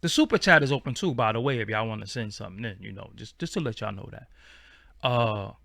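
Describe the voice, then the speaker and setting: A man's voice: lowish voice, fast talker, vocal fry, pushed and bright, no room sound. A man, hosting a casual livestream and chatting in a slangy, rambling way. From Brooklyn, New York. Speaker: channel host.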